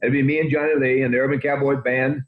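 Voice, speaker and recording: Fast-talking older man, folksy storyteller. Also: medium pitch, flat delivery. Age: 80s. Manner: folksy, rambling anecdotes. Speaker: country music guest. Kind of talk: interview storytelling. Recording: roomy, dull lo-fi sound.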